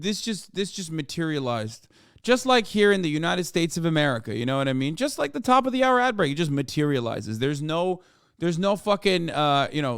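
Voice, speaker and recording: A man's voice: fairly high pitch, clean tone, no echo, studio quality. A man streaming casual commentary as he reacts to news clips, sarcastic and profane.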